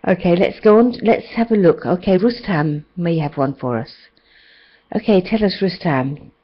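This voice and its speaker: A woman's voice: lowish voice, lively intonation, normal speed, dull audio. A woman with a British accent teaching an online English class, patient and encouraging, asking her students one question after another.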